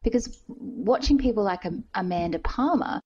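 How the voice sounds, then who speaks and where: A woman's voice: mid-range voice, animated, moderate pace, husky. A woman podcast host in casual interview chat, earnest and thinking aloud. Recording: dull lo-fi recording.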